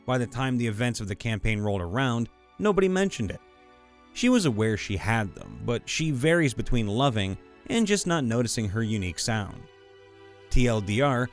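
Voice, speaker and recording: Expressive man reading game stories. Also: medium pitch. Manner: expressive, playful storytelling. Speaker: narrator reading listener stories. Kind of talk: reading tabletop game anecdotes aloud.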